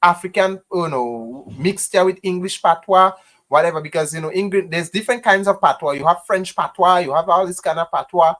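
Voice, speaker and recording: Brisk and fairly bright, with a medium pitch, this Grenadian adult parent talks casually yet passionately to live-stream viewers, repeating themselves and leaning heavily on "you know."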